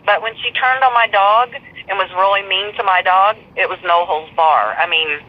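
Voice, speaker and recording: A woman's voice: medium pitch, moderate pace, lo-fi sound. A woman guest in a live stream interview, telling a long story in a blunt, profane, rambling way.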